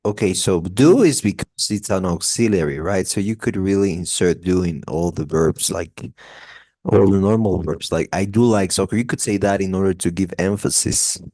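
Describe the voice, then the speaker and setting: Very deep-voiced male English teacher. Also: dark tone. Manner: halting, with many fillers and restarts. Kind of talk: explaining grammar to a class.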